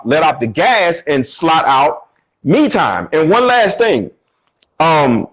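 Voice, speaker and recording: Lively high-voiced man coaching. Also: rough recording. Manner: animated, acts out quoted voices. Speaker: relationship coach. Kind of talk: casual conversation.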